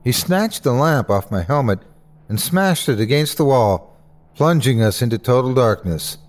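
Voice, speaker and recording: A man hosting and narrating a horror story with a dramatic, expressive delivery. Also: medium pitch, moderate pace. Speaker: host and narrator.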